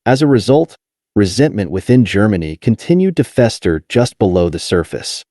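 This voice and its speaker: A man reading a nonfiction history audiobook in a measured, steady way, with deliberate pauses. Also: fairly low pitch, no echo, clean studio sound. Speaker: audiobook narrator. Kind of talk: scripted nonfiction narration.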